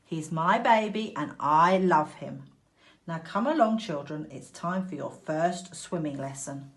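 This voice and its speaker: A brisk mother duck, as a woman puts her on. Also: low-pitched, expressive. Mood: firm, motherly. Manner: firm, bustling, motherly. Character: fussy, loving mother duck. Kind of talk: storybook reading aloud.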